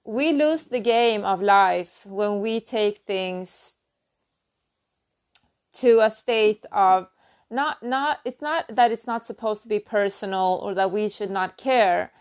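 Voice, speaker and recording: A woman giving a halting, earnest spiritual talk on her own channel, full of restarts and "you know.". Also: mid-range voice, clear, resonant tone. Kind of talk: personal spiritual talk to camera.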